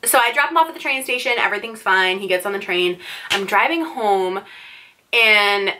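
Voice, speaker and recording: Bright-voiced chatty young woman. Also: medium pitch, moderate pace, a little hiss or hum. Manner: chatty, fillers of "like", candid. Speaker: vlogger. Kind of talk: casual storytime.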